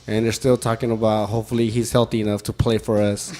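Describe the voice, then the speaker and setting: Animated man chatting about soccer. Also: on the low side, fast talker. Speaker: podcast co-host, soccer pundit. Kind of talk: casual chat.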